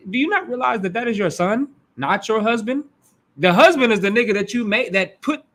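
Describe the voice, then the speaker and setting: A man's voice: high-pitched, fairly bright tone. Blunt, emphatic man teaching Bible class. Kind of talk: preaching Bible study.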